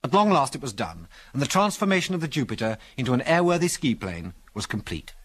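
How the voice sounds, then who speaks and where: A man reading an adventure story aloud as narrator, in an expressive storytelling manner. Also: mid-range voice, fairly quick, breathy edge. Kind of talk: audiobook reading.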